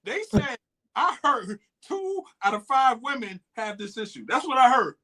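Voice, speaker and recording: A man from Atlanta, co-hosting a recap in an animated, joking way. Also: very high voice, normal speed, rough recording. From Atlanta, USA. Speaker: co-host. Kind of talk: casual reality-show recap chat.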